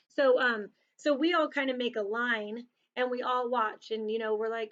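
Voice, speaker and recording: A woman casually telling a personal story to children before reading a picture book, chatty and animated, slipping into little voices for quotes. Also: a little high, a little fast. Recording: dull lo-fi sound.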